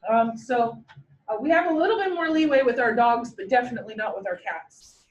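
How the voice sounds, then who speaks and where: A woman's voice: a little high, brisk, highs cut off, slight background noise. A woman teaching veterinary technicians in a classroom, blunt and joking with an emphatic delivery, in an echoey room with the mic far away. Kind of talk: classroom lecture.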